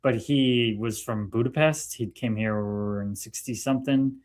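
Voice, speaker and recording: A man chatting as a guest on a live stream, telling stories in an animated, excitable way with frequent swearing. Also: medium pitch, a little slow. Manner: animated storyteller, profane, excitable. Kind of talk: casual live-stream chat.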